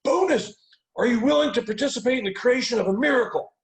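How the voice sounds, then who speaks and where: A man's voice: mid-range voice, a little fast, lightly acted. A man voicing an amped-up, intense male life coach who gives urgent commands. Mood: hyped.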